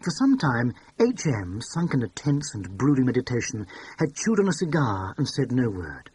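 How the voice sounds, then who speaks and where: A man reading a classic mystery novel aloud as an audiobook, in an expressive style. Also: mid-range voice, moderate pace, husky. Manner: expressive, acted. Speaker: audiobook narrator. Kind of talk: scripted narration.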